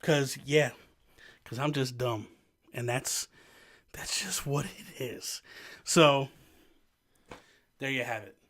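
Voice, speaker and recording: A man's voice: medium pitch, slow, long pauses. A young man from New Jersey telling a self-mocking story to camera, acting out what others said. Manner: animated, self-mocking, acts out quotes. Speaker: vlogger.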